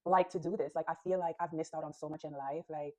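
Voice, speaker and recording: A woman's voice: low voice, steady tone, fast talker, mellow. A woman hosting a reaction video, talking casually and filling her sentences with "like". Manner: chatty, peppered with "like". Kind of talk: casual commentary.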